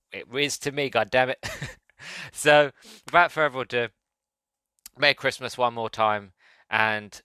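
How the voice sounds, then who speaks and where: A man's voice: medium pitch, a little slow, long pauses, bright, forceful tone, smooth, no room sound. A man hosting a podcast, chatting enthusiastically and nostalgically about a favourite film, with frequent restarts. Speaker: podcast host and movie reviewer. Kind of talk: casual solo podcast talk.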